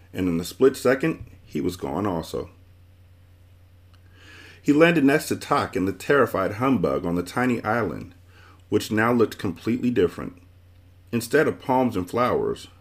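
A man hosting a book club podcast, reading a children's book aloud with expressive storytelling. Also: sits low. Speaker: book club host and reader.

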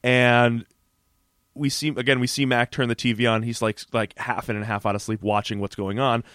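A man's voice: medium pitch, normal speed, smooth, dry recording, studio quality. A man co-hosting a podcast, recapping a TV episode in casual chat and acting out the characters' lines. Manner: animated, acts out quoted characters. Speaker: podcast co-host.

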